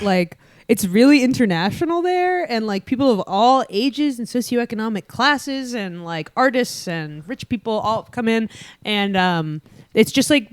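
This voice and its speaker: Laid-back young woman, smooth voice. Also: mid-range voice, no room sound. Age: young adult. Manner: laid-back, drawling, laughs often. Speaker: guest. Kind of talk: casual chat.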